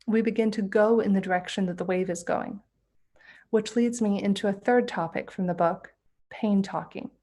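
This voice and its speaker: A woman speaks at a mid pitch, earnest and gently persuasive as she tells stories in a spiritual talk. Her delivery is inspirational and unhurried in tone.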